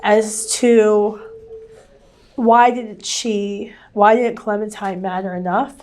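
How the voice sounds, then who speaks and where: A woman speaking as an activist, answering a question in a measured, explanatory way. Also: mid-range voice, fairly even intonation, darkish tone. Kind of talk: public debate answer.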